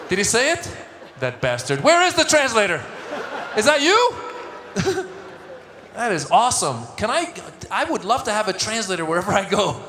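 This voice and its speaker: A man's voice: high voice, pushed and bright, slight background noise. A middle-aged male stand-up comedian from Iran performing a set before a live audience, joking with the crowd and acting out voices. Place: large event hall with a live audience. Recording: echoey live hall, crowd.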